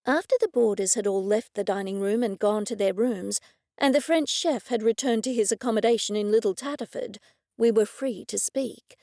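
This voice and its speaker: A woman narrating an audiobook in a steady, even storytelling manner. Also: fairly high pitch, moderate pace, dry recording, clean studio sound. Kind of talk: scripted narration.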